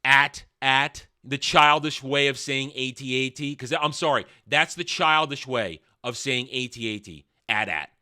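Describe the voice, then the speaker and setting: A man's voice: medium pitch, moderate pace, few pauses, bright, forceful tone. A man giving a ranting video review of a TV show, sarcastic and scornful in his delivery. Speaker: film and TV reviewer.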